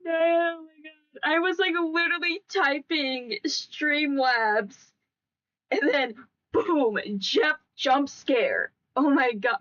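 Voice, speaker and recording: A woman's voice: high voice, fairly bright tone, muffled recording. A young woman streaming a casual chat, giggling and breaking into laughing fits as she talks.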